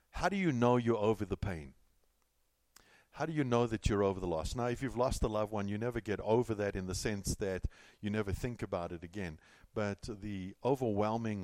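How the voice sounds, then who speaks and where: Delivering his sermon like a conversation, this middle-aged California pastor strings together stories, asides and repeated lines. He speaks on the low side in a slightly mellow voice, with no echo around it.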